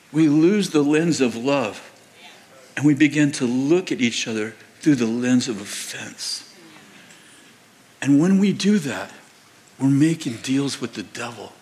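A man preaching a sermon as a pastor, telling stories in an animated way, laughing often and acting out the voices. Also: medium pitch. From United States. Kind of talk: sermon with storytelling. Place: large church auditorium.

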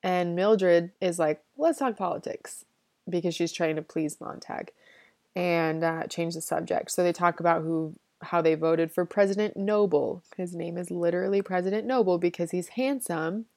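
A woman's voice: fairly low pitch, steady tone, moderate pace, darkish tone, dry recording, studio quality. A woman giving a casual, chatty retelling of a novel's plot, with a slangy way of talking and frequent "like". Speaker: book summary presenter. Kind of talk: casual book summary.

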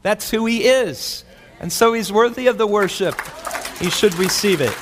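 High-voiced preaching man in a hall. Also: moderate pace, crowd noise, noisy background. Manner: animated preaching, acts out quotes with pitch swings. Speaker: pastor. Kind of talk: sermon. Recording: long hall reverb.

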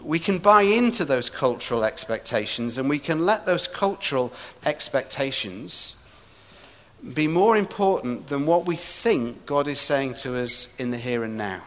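A man from England preaching a sermon with humor and animated asides, recorded in a large church hall. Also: mid-range voice, a little slow. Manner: humorous, animated storytelling with quips. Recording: echoey hall reverb.

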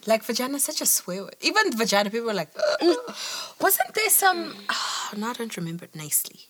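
Bright, lively woman co-host. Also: on the high side. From Africa. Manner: playful, teasing, quick reactions. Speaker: podcast co-host. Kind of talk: casual chat.

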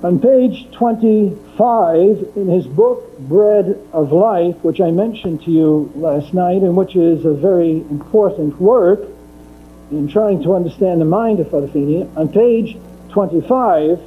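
A man's voice: sits high, unhurried. A man giving a methodical theology lecture, repeating his key points for emphasis. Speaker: Catholic lecturer. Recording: tinny phone-like recording with mains hum.

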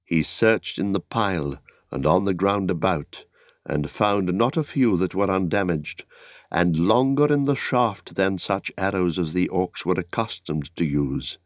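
A male narrator reads a fantasy audiobook in a measured, deliberate manner. His voice is very deep, and the recording is close and dry. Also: expressive, no room sound. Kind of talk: scripted narration.

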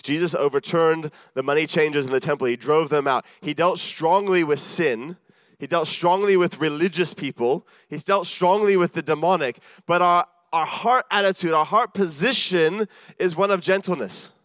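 A man's voice: a little high, moderate pace, a bit bright, no echo, studio quality. A man preaching a sermon in an earnest, self-deprecating way, acting out the voices of the people he quotes.

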